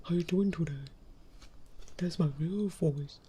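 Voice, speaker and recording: A woman putting on a loud, deep, swaggering dude-streamer voice. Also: unhurried, husky. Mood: hyped bro. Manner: booming, swaggering and hyped. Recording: noisy stream audio.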